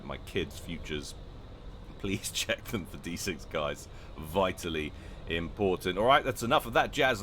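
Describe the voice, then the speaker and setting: A man's voice: low voice, fairly bright tone, slight background noise. A man giving jokey, chatty commentary on a strategy game replay, with self-mocking asides. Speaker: game caster.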